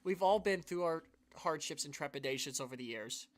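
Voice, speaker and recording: Earnest, rambling man, a bit high. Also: expressive, a little fast. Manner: earnest, rambling, with restarts and sighs. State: emotional. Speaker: YouTube channel host. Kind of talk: casual live stream talk to viewers.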